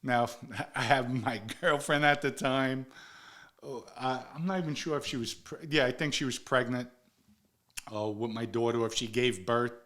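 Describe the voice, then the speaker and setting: A man in his forties tells a story casually, in a voice of ordinary pitch. He swears freely and slips into the voices of the people he quotes. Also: normal speed, fairly bright tone. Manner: profane, acts out quoted dialogue. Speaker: guest storyteller.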